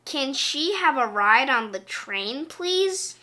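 A woman voicing a patient, weary father bear, gently coaxing his cub in a sing-song storybook tone. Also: high voice, expressive, takes it slowly, voice pushed up, heavily acted.

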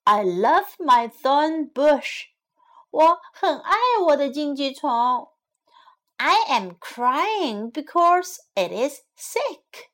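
A woman doing a high, tearful old lady. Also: big pitch swings, drawn-out words, heavily acted. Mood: distressed. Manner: plaintive, rises to loud high cries. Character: tearful old woman who loves her thorn bush.

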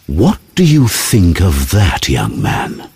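A man playing Prospero, a stern, controlling old magician and father, in slow, commanding tones. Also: sits low, wildly swooping pitch, gravelly, darkish tone, slightly rough, no echo, heavily acted. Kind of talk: storybook reading.

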